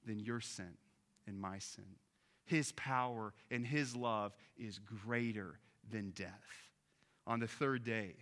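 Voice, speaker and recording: A man, a pastor, preaching an earnest Easter sermon, building up on key points and dropping soft on others. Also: on the low side. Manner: earnest, rising with emphasis then dropping soft.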